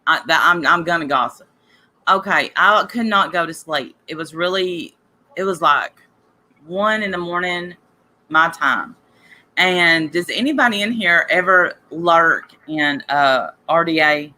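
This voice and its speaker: Sick lady host gossiping away, rambly and chatty, bright clear voice, coughing now and then. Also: lowish voice, expressive, unhurried. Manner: rambling, chatty, addresses listeners directly. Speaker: podcast host. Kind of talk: casual gossip chat.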